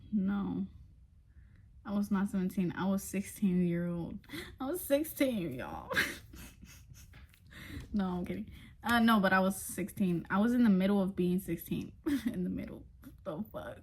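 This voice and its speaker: A young woman tells a story to her viewers in a loose, chatty vlog monologue. Her voice sits at a middle pitch for a woman. She swears freely and breaks into laughter between lines. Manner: addresses viewers directly as y'all. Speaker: vlogger.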